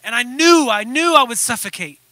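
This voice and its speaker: Guy doing a dramatic talking teacup, high and whiny, super bright and pleading. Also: expressive, brisk, dry recording, exaggerated voice. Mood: anguished. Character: suffering male teacup recalling its making.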